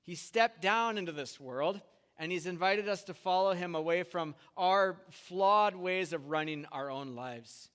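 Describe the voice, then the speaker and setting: A man with a slightly high voice preaches a sermon in a church hall with long reverb. He talks in a casual, conversational way and acts out the voices of the people in his stories. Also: a little slow, smooth. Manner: conversational, animated retellings with acted quotes. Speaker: pastor. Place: church sanctuary.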